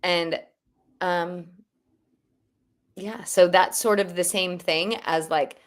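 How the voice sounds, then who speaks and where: A woman co-hosting a casual livestream tells a personal story in a rambling, heartfelt way, full of fillers and restarts. Her voice is lowish, steady, and slow.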